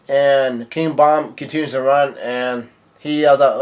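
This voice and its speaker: A man's voice: mid-range voice, steady tone, a little slow. A young man casually recapping a manga chapter page by page, rambling with lots of fillers and restarts. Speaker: manga reviewer.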